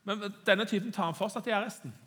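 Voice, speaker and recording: Fast, bright-voiced male interpreter. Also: sits high, a little hiss or hum. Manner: quick interpreting with hesitations and restarts. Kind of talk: sermon interpretation.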